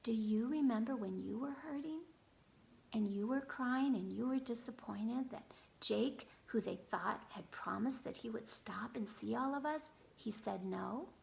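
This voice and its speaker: Woman playing a gentle, soft-spoken dad, gravelly. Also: fairly high pitch, unhurried, poor audio. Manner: soft, coaxing. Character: gentle adult male father, patient.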